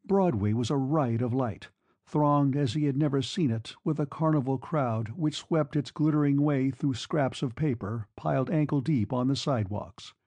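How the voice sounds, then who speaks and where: Mellow-voiced male audiobook narrator. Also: medium pitch, normal speed, no echo.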